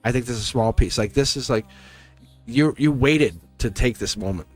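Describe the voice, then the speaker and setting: A man's voice: medium pitch, normal speed, no room sound, soft background music. A man giving a live tarot reading to a viewer, speaking earnestly and emphatically, repeating phrases and stumbling over his words. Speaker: tarot reader.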